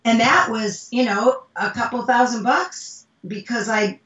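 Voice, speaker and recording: A woman's voice: a little high, measured pace. A woman who works as a speaking coach, chatting in an interview and acting out bits of dialogue as she tells stories. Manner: animated storytelling, acts out dialogue. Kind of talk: casual interview chat. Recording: roomy, distant, dull sound.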